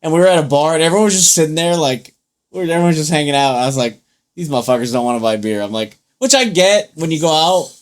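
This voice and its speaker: A man's voice: fairly high pitch, expressive, fast talker. Laid-back profane man spinning stories. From United States. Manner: loose, profane storytelling with acted-out quotes. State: tipsy from drinking. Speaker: podcast co-host. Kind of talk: casual chat.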